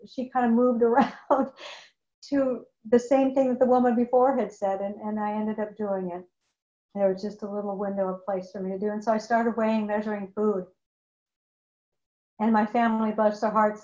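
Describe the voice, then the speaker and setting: A woman with a fairly high voice shares her recovery story candidly and emotionally, circling back on phrases for emphasis. The recording is dull and lo-fi, with a roomy echo around her. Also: darkish tone. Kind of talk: personal testimony talk. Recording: echoey, dull lo-fi room recording.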